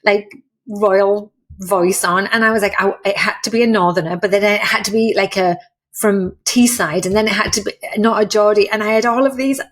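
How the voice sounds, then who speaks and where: A woman's voice: medium pitch, steady tone, moderate pace. A woman, a guest in a casual interview, talking in a chatty, candid and self-deprecating way with frank slang. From England. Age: 50s. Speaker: guest, personal trainer and author.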